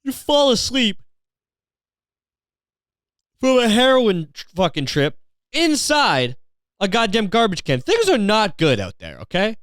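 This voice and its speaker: A man's voice: high voice, huge pitch swings, a little slow, long pauses, fairly bright tone, no echo, studio quality. A man hosting a podcast, telling a story as an exasperated, sarcastic rant full of swearing. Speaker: podcast host. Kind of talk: profane comedic rant.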